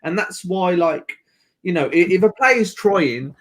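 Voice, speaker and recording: A man's voice: sits high, lively intonation, measured pace, fairly bright tone. Brummie man chatting football live. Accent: Birmingham. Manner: blunt, chatty football banter. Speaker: football channel host. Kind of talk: live match reaction chat.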